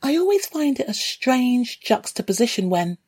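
A woman's voice: on the high side, very animated, moderate pace, a little mellow, slightly rough. A woman reading a first-person story in a candid, dryly wry way. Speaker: narrator.

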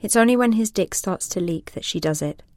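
A woman reading an erotic story in a slow, sensual, measured way. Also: mid-range voice, expressive, darkish tone, no room sound. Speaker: narrator. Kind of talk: scripted erotic story narration.

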